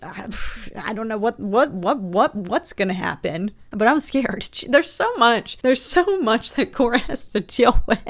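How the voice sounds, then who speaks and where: A woman hosting a reaction video, talking casually with excited exclamations and frequent stammered restarts. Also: fairly high pitch, unhurried, hardly any pauses.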